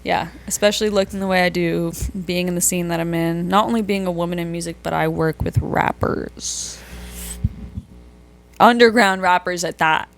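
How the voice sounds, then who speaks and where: A woman's voice: lowish voice, normal speed, creaky. A young woman from New York, a podcast guest talking casually and animatedly, filling her speech with "like". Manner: chatty, heavy use of "like", animated. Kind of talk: casual chat.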